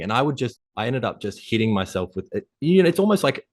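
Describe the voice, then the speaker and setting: A man's voice: mid-range voice, big pitch swings, fast talker, hardly any pauses, no room sound. A man speaking as a coaching guest on a podcast, talking intensely and motivationally with casual swearing. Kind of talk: conversational interview.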